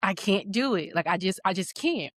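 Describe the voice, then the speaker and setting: A woman's voice: mid-range voice, normal speed, dry recording. A woman guest on a podcast, telling a story in a casual way and acting out the voices of the people she quotes. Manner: animated, acts out quoted voices.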